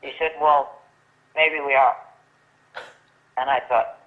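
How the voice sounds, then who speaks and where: A woman's voice: a bass voice, slow pace. An older woman spins a long anecdote over a tinny phone line. She slips into the voices of the people she quotes and often restarts her sentences as she goes. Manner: lively storyteller acting out quoted dialogue, many restarts. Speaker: guest. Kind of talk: storytelling in casual chat. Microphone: telephone.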